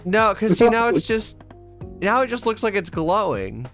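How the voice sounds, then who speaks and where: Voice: medium pitch, big pitch swings, moderate pace, a bit bright, faint music behind. A gamer in casual chat with friends, leading a mock-solemn in-game funeral and laughing through it.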